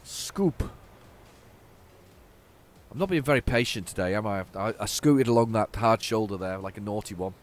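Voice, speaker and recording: Recorded close on a home desk mic, this let's play host talks fast in a fairly low voice, hardly pausing at all. His gameplay commentary is casual, chatty and rambling, with a self-deprecating streak.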